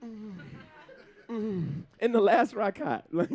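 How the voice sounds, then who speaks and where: A man doing live stand-up comedy on a stage before an audience, talking in an animated way, laughing between jokes and slipping into funny put-on voices. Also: high voice, slow pace, lo-fi sound.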